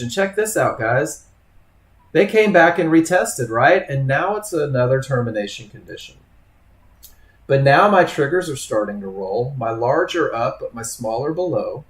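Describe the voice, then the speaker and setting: A man's voice: medium pitch, expressive, normal speed. A man leading a live trading webinar, talking casually to students by name and acting out traders' thoughts. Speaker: trading instructor. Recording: echoey room.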